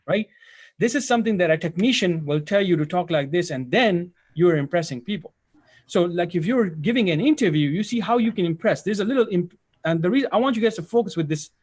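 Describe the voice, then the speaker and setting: An IT instructor leads a live software training walkthrough, speaking casually to students in a high-pitched, slightly mellow voice. He often rambles and corrects himself mid-sentence.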